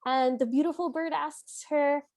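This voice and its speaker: A woman's voice: high voice, fairly even intonation, a little slow, darkish tone, no room sound, studio quality. A woman co-hosting a podcast, recapping a film in playful casual chat and laughing often. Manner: giggly, playful, reads out scenes. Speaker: podcast co-host.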